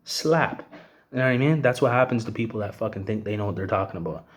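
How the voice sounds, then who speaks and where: A man's voice: lowish voice, quick pace. An agitated man giving a heated, profane rant, with the filler "you know what I mean" coming up again and again. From Canada. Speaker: vlogger. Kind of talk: angry rant to camera.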